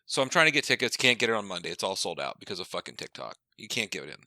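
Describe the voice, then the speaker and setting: A man's voice: on the low side, rapid-fire, no room sound. A man on a podcast telling a long, profane anecdote, acting out the people he quotes. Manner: animated, profane storyteller who acts out quoted dialogue. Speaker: podcast co-host. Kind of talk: casual chat, long anecdote.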